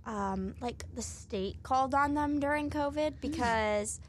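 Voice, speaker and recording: A young woman in her twenties chatting casually, telling a story with many pauses and fillers. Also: high-pitched, slight background noise. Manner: hesitant, filler-heavy storytelling. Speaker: co-host. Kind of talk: casual chat.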